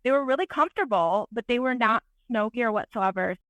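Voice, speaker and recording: A woman with a slightly high voice tells stories as a podcast guest, lively and self-deprecating. She speaks as a working photographer in casual conversation. The sound is close and dry. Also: brisk, no room sound. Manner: animated, self-deprecating storyteller. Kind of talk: podcast interview storytelling.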